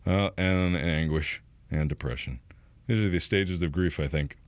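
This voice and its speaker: A man's voice: deep voice, a little slow, no echo. A man streaming casually, joking and mocking himself as he talks. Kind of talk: casual livestream commentary.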